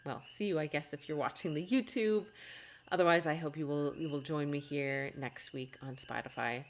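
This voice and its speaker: A woman with a low, deep speaking voice hosts a podcast as a test-prep coach. She talks to her listeners in a heartfelt, encouraging way and often restarts mid-sentence. A faint hiss sits behind her voice. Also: moderate pace. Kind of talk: earnest podcast monologue.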